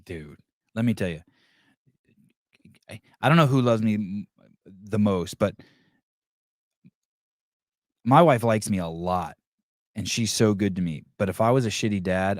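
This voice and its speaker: A man's voice: fairly low pitch, moderate pace, long pauses, a little mellow, no echo, studio quality. A man hosting a podcast, ranting crudely and mocking people in whiny voices. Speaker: podcast host. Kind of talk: crude comedic rant to live chat.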